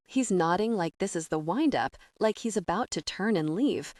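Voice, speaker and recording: A woman reading a first-person romance audiobook in a soft, intimate, emotional way. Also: on the low side, expressive, normal speed, no echo, studio quality. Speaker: audiobook narrator. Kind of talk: first-person scripted narration.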